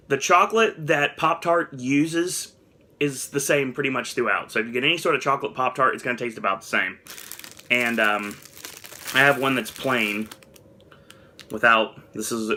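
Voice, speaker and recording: A young man talks through a snack review in a relaxed, candid way and gets a touch dramatic when a flavor lets him down. His voice sits at a middling pitch with a bright, forward edge. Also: fairly quick. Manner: chatty, candid, mildly dramatic about flavors. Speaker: food review vlogger. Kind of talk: casual taste-test commentary.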